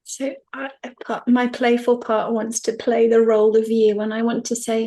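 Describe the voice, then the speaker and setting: A woman's voice: a little high, little pitch movement, moderate pace, mellow. A woman in a group video call, talking in an affectionate, playful way. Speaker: group participant.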